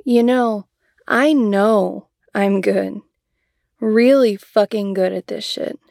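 A fiery young woman coder, proud and quick to swear, speaking slowly with a gravelly, mellow edge on a higher voice, as a woman acts her out. She sounds dry and close, with no room around her. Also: steady tone, no echo, exaggerated voice. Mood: angry, indignant. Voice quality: swears constantly, sharp-tongued. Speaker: computer science student. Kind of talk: adult audio role-play.

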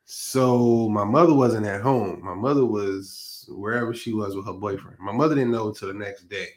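A man's voice: on the low side, normal speed. Laid-back guy chatting on a podcast, says like a lot. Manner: relaxed, conversational, filler-heavy. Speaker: podcast co-host. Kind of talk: casual chat.

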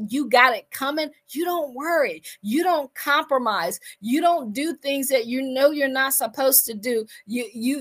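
Woman preacher, high voice, fervent motivational delivery. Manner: preachy, animated, asks the listener questions. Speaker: faith and business speaker. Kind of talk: motivational sermon.

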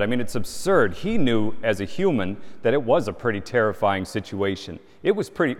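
A bishop gives a sermon in a fairly low voice, earnest and conversational, often turning to rhetorical questions. His words ring out with the long reverb of a big cathedral. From Gulf Coast of the United States. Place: large cathedral.

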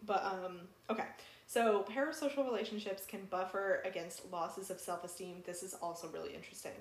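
A woman's voice: mid-range voice, steady tone, a little fast, a little hiss or hum. Chatty young woman podcast co-host. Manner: chatty, laughs often, filler-heavy. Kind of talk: casual chat. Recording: roomy echo.

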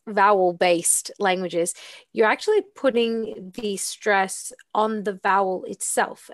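A female English teacher explains pronunciation in an easygoing, fluent way, with frequent ums between phrases. Her voice sits at an average pitch for a woman. The recording is dry and close. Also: dry recording. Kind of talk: casual explanatory chat.

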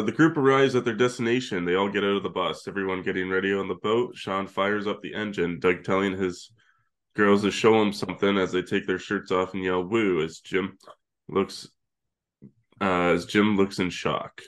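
A man with a very low voice co-hosts a podcast. He retells film scenes in long, loose stretches, laughing along and swearing casually. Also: fairly even intonation, moderate pace. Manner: recaps the plot at length, laughing and swearing freely. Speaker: podcast co-host. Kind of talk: casual chat.

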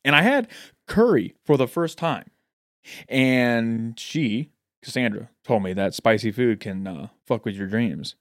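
A man's voice: mid-range voice, lively intonation, measured pace, no room sound, studio quality. A man co-hosting a podcast in casual chat, joking and swearing freely through playful banter. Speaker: podcast co-host.

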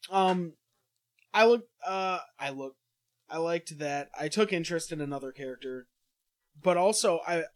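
A man who plays in a tabletop game, talking casually and hesitantly, with many restarts. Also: a little high. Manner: hesitant, searching for words. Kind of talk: casual chat.

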